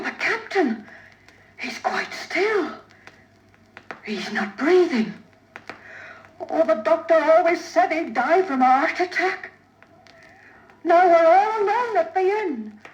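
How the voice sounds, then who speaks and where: A woman's voice: extremely high pitch, expressive, dull audio, heavily acted. A worried innkeeper mother. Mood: anxious. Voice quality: worried, brisk. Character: anxious innkeeper mother, practical. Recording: echoey vintage vinyl with music behind.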